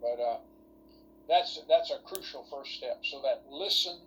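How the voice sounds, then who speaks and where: A man's voice: medium pitch, unhurried, fairly bright tone, highs cut off, slight background noise. A man lecturing ministry students in an online workshop over a video call, folksy and rambling, full of rhetorical questions.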